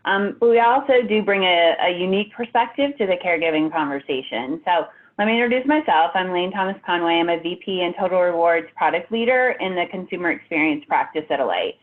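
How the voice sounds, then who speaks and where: A woman's voice: on the low side, animated, a little fast. A woman speaking from home as a benefits executive on a webinar, polished but casual with frequent fillers. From United States. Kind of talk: webinar presentation. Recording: tinny phone-like audio.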